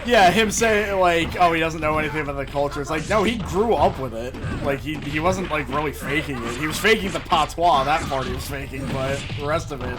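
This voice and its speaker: A man's voice: on the high side, normal speed, hardly any pauses. Laughing chatty man over game music. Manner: chatty, laughs often, rambling. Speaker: streamer. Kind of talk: casual gameplay chat.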